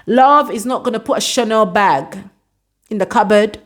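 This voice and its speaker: A woman's voice: mid-range voice, expressive, normal speed. A woman casually recapping a reality show episode, scolding its cast in exasperated asides. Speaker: vlogger reviewing a reality show.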